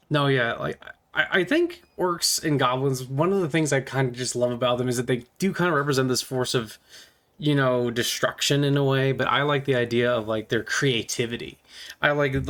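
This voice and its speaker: A man's voice: medium pitch, fairly bright tone. A man vlogging about miniatures in a casual, playful, rambling way.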